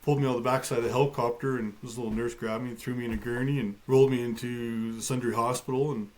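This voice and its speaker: A man's voice: medium pitch, fairly even intonation, quick pace, a little mellow. A man, a guest on a talk show, telling a personal story in a matter-of-fact way with touches of light humor and frequent fillers. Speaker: guest, bear attack survivor.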